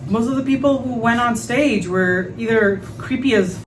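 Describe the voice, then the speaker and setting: A woman hosting a podcast, telling a story in a frank, animated way, with lots of fillers and some swearing. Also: a little high, moderate pace, far from the mic, slight background noise, poor audio. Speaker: podcast host. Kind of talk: casual storytelling monologue.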